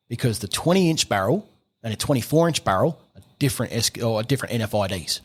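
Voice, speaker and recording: Australian man explaining, rambling and animated. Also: medium pitch, quick pace. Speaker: gunsmith guest. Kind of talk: casual podcast chat.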